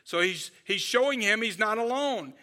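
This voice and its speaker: A man's voice: high voice, expressive, moderate pace, bright, forceful tone. A male pastor preaching a sermon in an earnest, conversational way, often checking in with "right?" and "okay?".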